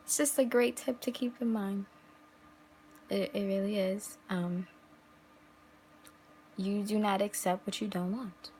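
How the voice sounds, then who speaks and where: A woman's voice: mid-range voice, fairly even intonation, measured pace, pauses often, a little mellow, a little hiss or hum, poor audio. A young woman vlogger talking casually to camera, giving emphatic relationship advice full of rhetorical questions. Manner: emphatic, rhetorical questions, acts out quoted voices.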